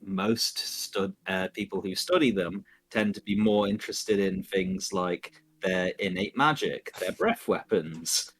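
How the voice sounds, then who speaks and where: A man's voice: low voice, measured pace, hardly any pauses, fairly bright tone, breathy edge. A man narrating as dungeon master in a tabletop game livestream, loose and chuckling, full of fillers.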